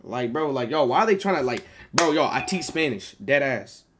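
A man's voice: medium pitch, lively intonation, normal speed, noisy background. A man streaming on a video chat app, chatting in a joking, slangy, profane way. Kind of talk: casual chat.

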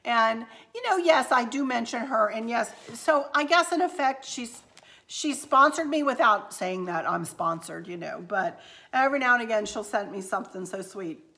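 A woman's voice: a little high, animated, normal speed, sharp tone. A middle-aged woman, chatting in a rambling, folksy way as host of a craft vlog. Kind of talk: casual haul vlog chat.

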